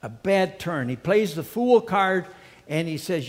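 A male preacher retelling a story in an animated, conversational sermon with personal asides. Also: high voice, unhurried, long reverb tail.

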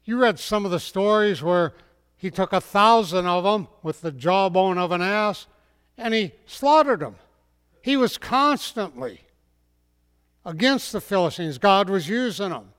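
A man's voice: sits high, expressive, unhurried, fairly bright tone, clean tone. A man preaching a storytelling sermon in a folksy way, speaking directly to his listeners. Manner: folksy, addresses the audience directly. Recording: long hall reverb.

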